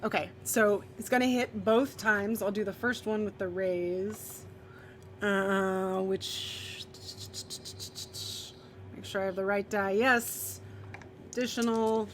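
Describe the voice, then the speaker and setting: A woman's voice: mid-range voice, steady tone, slight background noise. A woman acting as game master, narrating a tabletop role-playing game and calling out dice results with frequent laughter. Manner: bright, laughing and quick between dice rolls.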